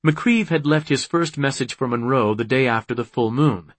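A man narrating an audiobook in a measured, unhurried reading. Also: mid-range voice, dry recording. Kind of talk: scripted narration.

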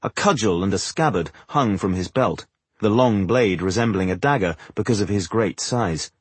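A man reading fantasy narration for an audiobook in a measured, dramatic way. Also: fairly low pitch, animated, husky, no room sound.

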